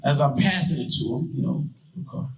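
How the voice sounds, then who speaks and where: A man's voice: a little high, a little fast, low-quality recording. A man from Brooklyn doing a profane, conversational stand-up set on a live stage. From Brooklyn, New York. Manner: profane, conversational, punchy delivery. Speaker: stand-up comedian. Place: live comedy stage with audience. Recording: live show with loud crowd.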